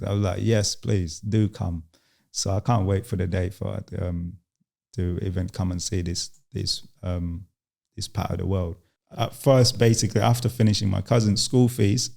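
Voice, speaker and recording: A young man from Uganda, a guest in an interview, telling his story in a halting way with many restarts and quoted lines. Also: deep voice, creaky, mellow. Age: young adult.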